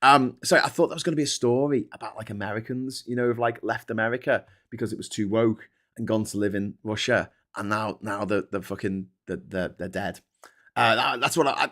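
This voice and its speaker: A man's voice: medium pitch, a little fast, a bit bright. A man hosting a casual live-stream show, reading out news and commenting with sarcasm, swearing and many restarts. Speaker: host.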